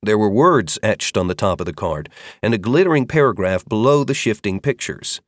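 A man narrating an audiobook fantasy chapter with expressive, varied storytelling. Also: fairly low pitch, normal speed, no echo, studio quality. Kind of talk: scripted narration.

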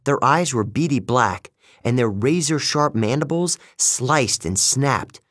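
A man narrating a first-person story in a measured, steady way, recorded close to the mic. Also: medium pitch, no room sound. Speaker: audiobook narrator.

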